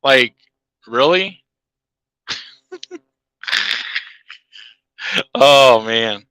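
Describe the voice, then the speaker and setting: A man's voice: mid-range voice, animated, moderate pace, pauses often, pushed and bright, no room sound, low-quality recording. A man ranting in a heated, profane monologue to his viewers, laughing at his own jabs. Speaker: channel host.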